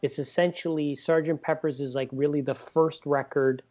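A man's voice: on the high side, fairly even intonation, moderate pace, a little mellow, highs cut off. A man co-hosting a casual music podcast, thinking aloud and checking that others follow him. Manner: thinks aloud, asks for agreement. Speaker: podcast co-host. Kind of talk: casual chat.

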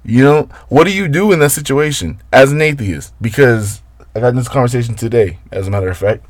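A man telling a story in a casual, profane rant, exasperated, with his voice jumping up and down in pitch. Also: expressive, brisk, dry recording, clean studio sound.

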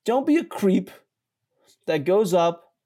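A young man telling a story in a casual podcast chat. He mocks himself, laughs often and jumps up in pitch when he gets excited. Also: slow pace. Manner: animated, self-mocking, laughs often and jumps higher in pitch. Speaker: podcast co-host.

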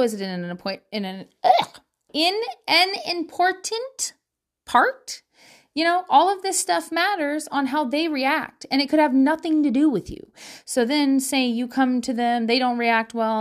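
A woman talking casually at home to her viewers about parenting, candid and swearing freely, with frequent laughter. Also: fairly high pitch. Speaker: parent sharing parenting advice.

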